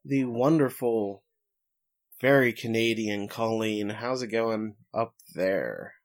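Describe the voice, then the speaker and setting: A man's voice: fairly low pitch, slow. Joking male podcast host. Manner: jokey, recapping episodes with playful asides. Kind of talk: casual podcast chat.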